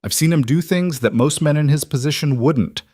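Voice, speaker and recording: A man's voice: on the high side, breathy edge, no room sound, studio quality, voice pushed up. Man playing a reserved, loyal driver. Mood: hesitant. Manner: quiet, hesitant, halting. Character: loyal middle-aged male driver, reserved.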